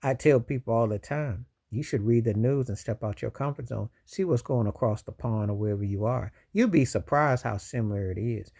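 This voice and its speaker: A man's voice: medium pitch, a little mellow, breathy edge. A man giving casual, emphatic commentary on a video channel, rambling and preachy at times. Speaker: YouTube commentator.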